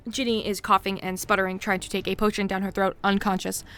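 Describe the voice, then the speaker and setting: A woman acting as game master, narrating a tabletop game briskly with filler ums. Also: medium pitch, flat delivery, fairly bright tone, clear, resonant tone, soft background music.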